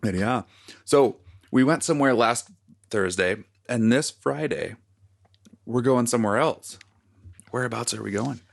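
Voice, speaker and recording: A man's voice: mid-range voice, unhurried, gravelly, long pauses, no echo, studio quality. A man co-hosting a casual podcast, laid-back and jokey, prone to small tangents. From United States. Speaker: podcast co-host. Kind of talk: casual chat. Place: lives in Calgary, Canada.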